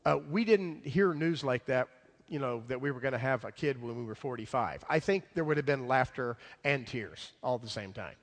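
A male pastor preaching a sermon, emphatic, swinging between loud declarations and hushed asides. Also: medium pitch, expressive, normal speed. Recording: long hall reverb.

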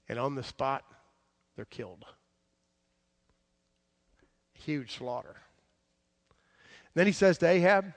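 A man preaching a sermon, retelling a story with animated swings between loud emphasis and soft asides. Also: a little high, slow pace, long pauses.

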